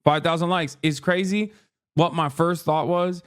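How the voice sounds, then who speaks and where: Profane, sarcastic man ranting in a high voice. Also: fairly even intonation, unhurried, clean tone. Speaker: streamer reacting to news. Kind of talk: animated commentary rant.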